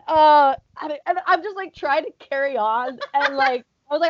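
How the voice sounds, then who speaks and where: A woman from Arizona chatting casually, telling animated stories and laughing often as she talks. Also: high-pitched, brisk, few pauses, dull audio, a little hiss or hum. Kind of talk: casual chat. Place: rooftop, outdoors.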